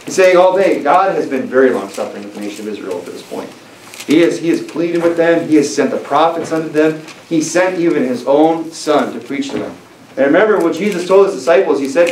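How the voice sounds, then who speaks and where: A man's voice: fairly high pitch, expressive, brisk, darkish tone, far from the mic. A man preaching a sermon in a church and reading scripture aloud, speaking emphatically with frequent fillers and restarts. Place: church sanctuary. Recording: echoey church recording from afar, faint noise.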